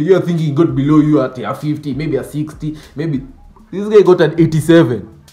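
A man doing a comic monologue about school types, animated and mock-outraged, dropping Swahili slang. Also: on the high side, a little fast, echoey room. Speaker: comedy sketch creator. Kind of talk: comedic monologue with skits.

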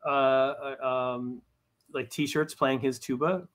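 Here a comic book writer, guesting in a relaxed interview, speaks slowly in a level, mid-range voice with a slightly bright quality. He often stumbles and starts over, and he's quick to run himself down.

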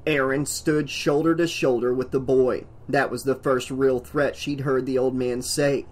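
A man's voice: mid-range voice, level tone, a little slow, a little mellow. A man reading a horror novel aloud as an audiobook narrator, with dramatic emphasis.

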